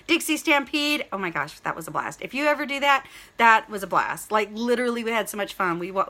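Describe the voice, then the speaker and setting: Bright-voiced chatty woman. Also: high-pitched. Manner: rambling and excited, heavy use of "like" and "literally"; greets viewers by name mid-story. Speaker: vlogger. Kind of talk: casual chat to camera.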